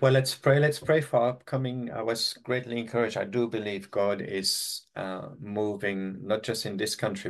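Deep-voiced, gravelly man leading prayer on a video call. Halting and reflective. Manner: halting, many restarts and hums of agreement. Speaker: church leader leading online prayer meeting.

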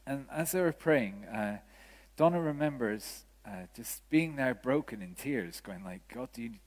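A male vicar preaches a sermon and tells a story, acting out the quoted lines of the people in it. His voice sits at a middling pitch and rings out with the long reverb of a church. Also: measured pace. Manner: storytelling, animated quoting of others.

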